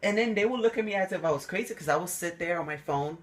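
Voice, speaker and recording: A man's voice: high-pitched, quick pace. A young man vlogging to camera, telling personal stories casually and acting out quotes animatedly. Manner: animated, acts out quotes with a raised voice.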